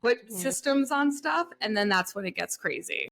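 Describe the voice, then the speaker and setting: A woman's voice: fairly high pitch, expressive, moderate pace, vocal fry, a bit bright. A woman co-hosting a podcast in casual spiritual chat, candid and rambling, who gets heated and swears when frustrated. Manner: talks in loose, rambling runs with many fillers. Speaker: podcast co-host.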